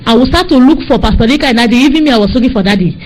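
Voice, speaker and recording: A woman with a Nigerian accent, preaching with fervor and telling a dream as testimony, pleading and rising to high cries. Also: animated, racing, rough recording. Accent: Nigerian English.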